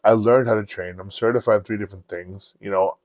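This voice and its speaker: A podcast host with a lowish voice talks quickly, telling profane stories in a casual, animated chat and acting out the dialogue. The recording is dull, lo-fi and dry, with no room sound.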